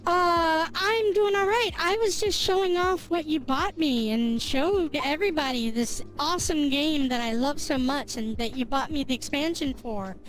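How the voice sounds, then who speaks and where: A woman's voice: high-pitched, normal speed, few pauses, soft background music. A woman game streamer chatting with her viewers in a bubbly, rambling way, swearing casually as she goes. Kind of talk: casual live-stream chat.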